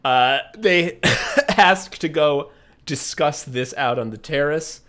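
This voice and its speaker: Excitable laughing man recapping a comedy. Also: on the high side, slow pace. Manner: laughs often while retelling scenes; swears casually, excitable. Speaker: podcast co-host. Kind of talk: casual comedy podcast chat.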